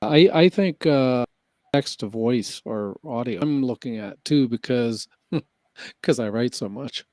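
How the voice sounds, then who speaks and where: Slow, hesitant male guest, dry recording. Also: mid-range voice, darkish tone, no echo. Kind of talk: casual chat.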